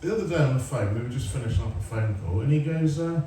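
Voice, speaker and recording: In a stand-up set on a comedy club stage, a sarcastic, swearing Englishman in his forties tells stories and chats with the crowd. He speaks rapid-fire in a medium-pitched, animated, mellow voice. The recording is from far away in a roomy live venue, with slight background noise, the crowd, and audience laughter.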